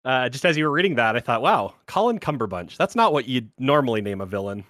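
A man's voice: mid-range voice, animated, fast, a bit bright, no echo. Upbeat man hosting, dry close sound. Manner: upbeat, jokey, laughs often. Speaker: podcast host. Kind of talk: casual podcast chat.

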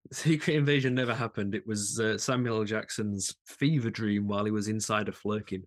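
A man's voice: lowish voice, fairly even intonation, fairly quick. A man co-hosting a casual podcast chat, talking enthusiastically with frequent restarts and laughs. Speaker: podcast co-host.

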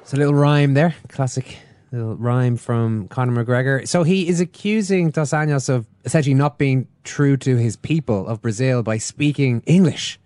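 A man's voice: mid-range voice, normal speed, a little mellow, no echo, clean studio sound. A man with an Irish accent hosting a casual sports chat podcast in a wry, amused way. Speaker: podcast host.

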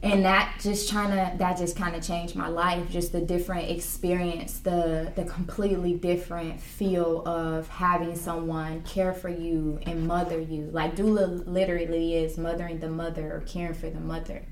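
A woman's voice: lowish voice, flat delivery, moderate pace, hardly any pauses, slight background noise. A woman working as a doula, telling her story in an earnest, reflective way with many fillers. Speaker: doula, guest. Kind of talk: personal storytelling in an interview. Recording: roomy, from a distance.

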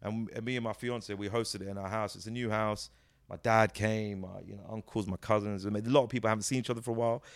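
A man, a guest chatting in an interview, telling animated stories with restarts and bursts of impressions. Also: lowish voice, fast. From United Kingdom. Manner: animated storyteller, breaks into impressions, many restarts. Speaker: interview guest, comedic actor. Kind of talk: casual conversational interview.

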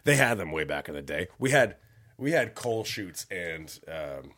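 A man casually telling a rowdy story on a podcast, swearing freely and jumping into high-pitched voices when quoting people. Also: unhurried. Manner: animated, swearing, acts out voices with big pitch jumps. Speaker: podcast co-host.

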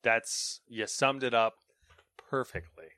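A man co-hosting a casual gaming news podcast, chatty and animated, acting out little skits. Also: mid-range voice, slow, dry recording, studio quality. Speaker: co-host reading gaming news.

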